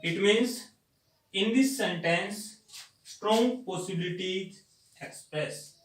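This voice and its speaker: Indian english guy teaching grammar, super slow, repeats stuff, kinda high voice, echoey room. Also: distant mic. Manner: slow and deliberate, repeats words for emphasis. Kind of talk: grammar lecture. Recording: echoey room, voice set back from the mic.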